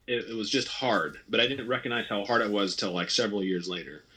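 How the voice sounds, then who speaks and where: A man in his thirties speaks in a husky, somewhat low voice, giving a relaxed interview. He talks candidly and loosely, restarting sentences and acting out his own past thoughts in quick quotes. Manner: candid, rambling, frequent restarts and quoted self-talk. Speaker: interview guest, retired ski racer. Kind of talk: casual interview conversation.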